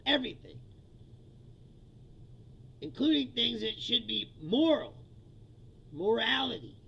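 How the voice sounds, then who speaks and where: A man in his fifties hosts a profane comedy rant and laughs often. His voice is high, gravelly and raspy, with a bright edge. The recording sounds dull and lo-fi. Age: 50s. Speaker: comedian host.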